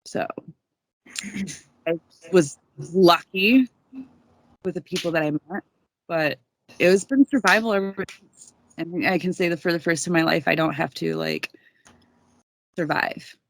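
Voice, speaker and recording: A woman's voice: fairly low pitch, a little slow, pauses often, no echo. A young woman, a podcast guest, telling her story in a candid, casual way, swearing freely.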